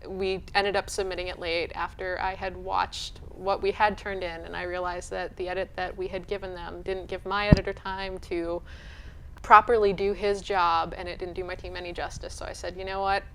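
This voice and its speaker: A woman director answering interview questions, self-deprecating and halting with fillers. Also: on the low side, little pitch movement, a bit bright, a little hiss or hum.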